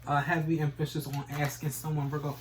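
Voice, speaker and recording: A man's voice: a little high, monotone, a little fast, noisy background. A man giving a casual tarot reading, rambling and repeating stock phrases, swearing now and then. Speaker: tarot reader.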